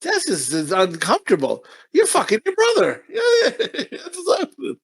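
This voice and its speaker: A middle-aged man riffs through a casual podcast chat, profane and rambling, breaking into laughter often. His voice sits high and swings widely in pitch. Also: wildly swooping pitch, normal speed, gravelly, husky. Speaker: podcast co-host.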